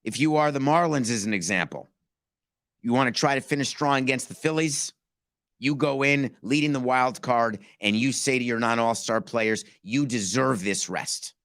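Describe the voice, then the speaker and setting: A man's voice: medium pitch, normal speed, a bit bright, clear, resonant tone, no room sound, studio quality. A man hosting a sports talk podcast, speaking emphatically and firing off rhetorical questions. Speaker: podcast host.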